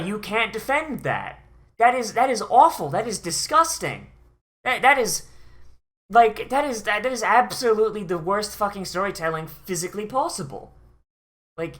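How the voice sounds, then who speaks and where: Brief: bright-toned anime reviewer, profane, fed up, heavy sighs. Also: mid-range voice. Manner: profane, exasperated, sighing. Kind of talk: ranting watch-along commentary.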